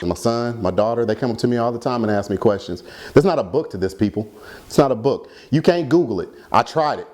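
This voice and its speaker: A man's voice: mid-range voice, lively intonation, quick pace, noisy background. A man performing stand-up comedy about his kids, with a rambling, self-deprecating delivery.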